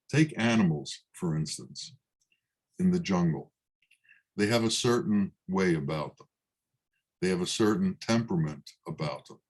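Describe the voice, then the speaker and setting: Slow, low-voiced man telling a parable. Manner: slow, measured storytelling. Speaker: Sufi teacher. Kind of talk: spiritual talk with parable.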